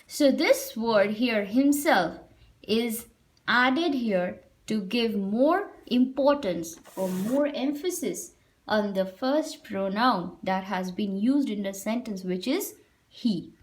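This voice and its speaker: A woman teaching a grammar lesson to children, repeating example sentences slowly and explaining them. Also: a little high, lively intonation.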